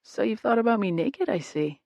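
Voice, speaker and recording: A woman reading the part of a smug, teasing young man in a romance audiobook, with a smirking, low-key delivery. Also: animated, normal speed, mellow, dry recording.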